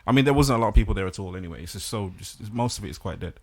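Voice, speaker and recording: Brief: London man, podcast co-host, low voice, brisk matter-of-fact talk. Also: animated. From England. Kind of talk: casual chat.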